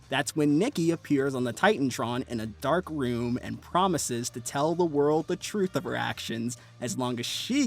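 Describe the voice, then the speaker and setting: A man narrates a wrestling video in a brisk, animated, scripted style. His pitch sits mid-range, and soft music plays faintly underneath.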